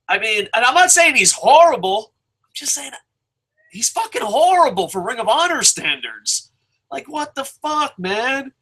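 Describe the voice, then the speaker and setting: Bright-voiced, swearing wrestling reviewer man. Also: very high voice, moderate pace, rough recording. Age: adult with a son. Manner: rambling, swearing heavily, excitable. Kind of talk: casual profane rant.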